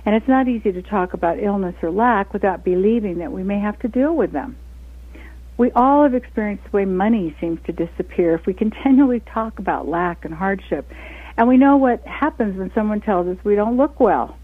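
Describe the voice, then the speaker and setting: A woman presenting a short scripted wellness segment in a calm, measured, encouraging way. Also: medium pitch, no room sound. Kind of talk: scripted inspirational talk. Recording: thin phone-like radio sound.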